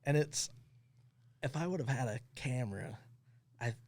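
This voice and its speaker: A man who owns a towing company, guesting on a podcast and telling funny stories in a casual, animated way, often laughing as he talks. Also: medium pitch, moderate pace, no echo. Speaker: tow truck company owner, podcast guest. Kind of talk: casual storytelling.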